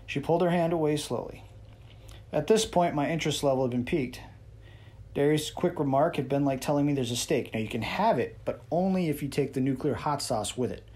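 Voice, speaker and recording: A man's voice: a little high, fairly quick, darkish tone, breathy edge. A man reading a first-person novel aloud as narrator, in a wry, sarcastic and boastful manner.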